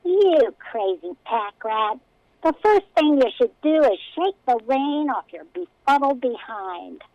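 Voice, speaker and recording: A woman voicing a pompous, whiny male kangaroo rat king, speaking slowly and haughtily in a squeaky voice. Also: expressive, a little mellow, dry recording, highs cut off, exaggerated voice. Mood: scolding. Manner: slow, drawn-out, haughty.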